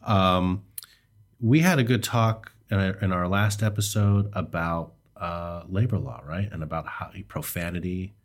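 A man co-hosting a podcast, chatting casually with relaxed, hesitant pacing and many fillers. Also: low voice, unhurried. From United States. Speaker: podcast co-host.

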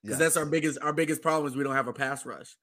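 Hoarse, excitable man, bright voice. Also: a little high, racing. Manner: excitable sports fan. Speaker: podcast co-host. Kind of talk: casual chat.

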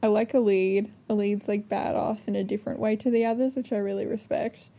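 A woman's voice: medium pitch, fairly even intonation, brisk, dark tone. A young woman co-hosting a podcast, chatting casually and giggling with lots of fillers. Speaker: podcast co-host. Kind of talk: casual chat.

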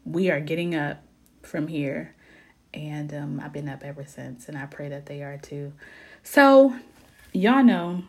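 Slow, low-voiced woman sharing her faith. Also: slightly rough. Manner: earnest, slips into soft near-whispers, bursts of lively emphasis. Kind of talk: casual heartfelt faith chat. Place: home in Ohio.

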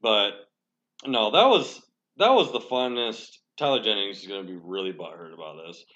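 A man's voice: on the low side, animated, normal speed, a bit bright. A young man hosting a casual podcast chat, telling a rambling, profane, self-deprecating story. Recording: dull lo-fi sound.

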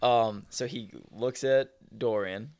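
Animated young man retelling a story. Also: medium pitch, slow, dry recording. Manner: animated, reenacts dialogue, swears. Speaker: podcast co-host. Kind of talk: casual storytelling chat.

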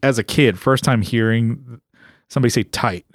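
A man's voice: mid-range voice, moderate pace, dry recording, clean studio sound. A man from California co-hosting a podcast, rambling through stories in casual chat, laughing often and putting on voices to quote people. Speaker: podcast co-host.

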